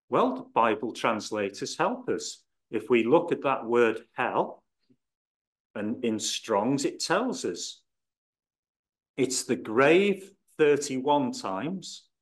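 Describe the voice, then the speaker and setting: A man explaining scripture in a measured teaching style, stressing key words as he goes. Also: medium pitch. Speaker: Bible teacher.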